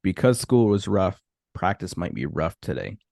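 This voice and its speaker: A man's voice: deep voice, animated, normal speed, gravelly, a little mellow, no room sound, clean studio sound. A man hosting a podcast, talking in an easygoing, casual way with a lot of fillers. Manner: easygoing, full of "you know" fillers. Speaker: podcast host. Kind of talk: casual conversation.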